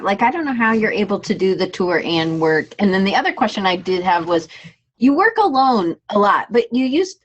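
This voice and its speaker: A woman hosting a podcast interview, asking questions in a relaxed, curious, casual way. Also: mid-range voice. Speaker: podcast host.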